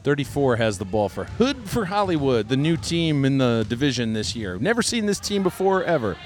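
A man's voice: mid-range voice, sing-song, a little fast. Chatty laughy guy hosting courtside play-by-play, bouncy voice, bit of game noise. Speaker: host and commentator. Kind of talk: comedic play-by-play commentary.

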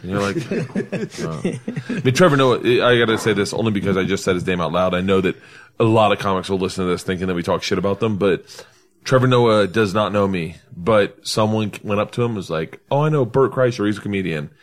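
A middle-aged man hosting a podcast, telling stories in casual chat and laughing hard at his own jokes. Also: brisk. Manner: animated storyteller, breaks into high-pitched laughter. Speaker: podcast host.

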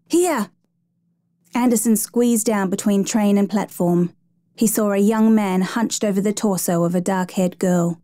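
A woman narrating a true rescue story in a measured, even storytelling manner. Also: mid-range voice, no room sound. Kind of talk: scripted narration.

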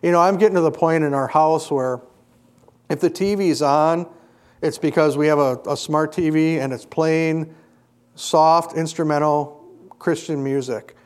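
Earnest preacher man, fairly high voice. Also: fairly even intonation, a little slow, clean tone. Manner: earnest, building to emphatic peaks then dropping quiet. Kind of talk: sermon with personal story.

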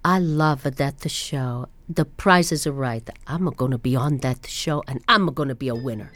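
A woman's voice: rumbling low, normal speed, pitched below the performer's own voice. A woman voicing her older Italian immigrant mother with a thick Italian accent, devout and starstruck. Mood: adoring.

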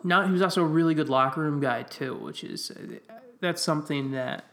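A man's voice: a little high, brisk, a bit bright. A man co-hosting a casual sports podcast, thinking aloud and breaking down players while he looks up stats. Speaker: podcast co-host.

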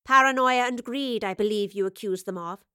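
A woman voicing an unflappable female professor who speaks calmly and teases with dry, cutting wit. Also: a little high, moderate pace, clear, resonant tone, dry recording. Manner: calm, dry and quietly cutting. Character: sharp-witted female professor, unflappable and dryly teasing.

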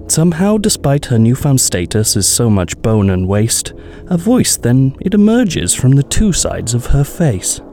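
Man, comic horror verse narration, animated pitch, mellow voice, faint music behind. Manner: theatrical, swooping delivery.

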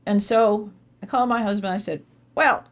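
A middle-aged woman giving an inspirational faith talk to a live audience, telling stories with animated, emphatic repetition. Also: medium pitch, brisk. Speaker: speaker addressing an audience.

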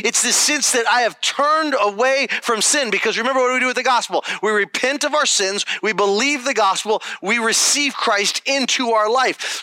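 Bright-voiced man preaching a sermon. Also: high voice, no room sound. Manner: conversational and emphatic, checking in with "okay?". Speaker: pastor.

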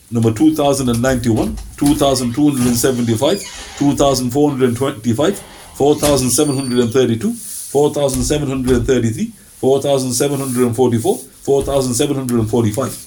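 A man's voice: medium pitch, brisk, a little mellow, a little hiss or hum. A middle-aged man teaching Islamic history in a lecture, who reads out lists of references steadily and acts out small exchanges of dialogue. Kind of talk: recorded religious lecture with Quran recitation.

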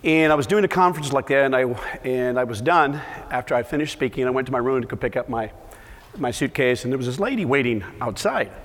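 A man's voice: medium pitch, animated, fast, fairly bright tone. A middle-aged man, a conservation agronomist, giving a passionate, emphatic conference talk and telling a story. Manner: passionate, emphatic, repeats words for stress. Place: conference hall. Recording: long hall reverb from a live talk.

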